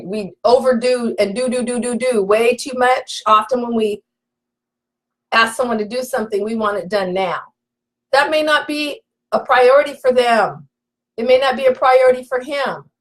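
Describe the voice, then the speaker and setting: A woman relationship coach giving an emphatic live session, talking straight to her audience. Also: a little high. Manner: emphatic, preacherly, addresses audience directly.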